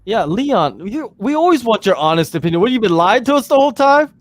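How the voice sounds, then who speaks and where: A man's voice: high-pitched, big pitch swings, fairly quick, a little hiss or hum. A man co-hosting a podcast in casual chat, teasing and talkative, with lots of "you know". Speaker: podcast co-host.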